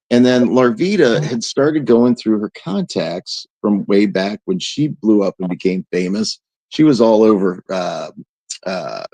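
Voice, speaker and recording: A man telling a long story in a casual chat, acting out quoted people in a raised voice. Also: no room sound. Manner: animated, acts out quoted voices in a higher pitch.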